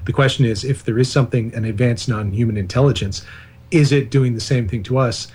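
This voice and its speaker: A male author talks through his ideas as a radio interview guest. He wanders into side stories and jokes at his own expense. His voice sits at an ordinary middle pitch. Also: brisk, a little mellow, breathy edge. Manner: discursive, digressive, self-deprecating asides.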